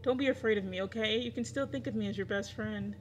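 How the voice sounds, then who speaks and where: A woman's voice: mid-range voice, fast, slight background noise, natural voice. A woman reading an obsessive lovestruck young man. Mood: earnest. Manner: reads game dialogue aloud plainly.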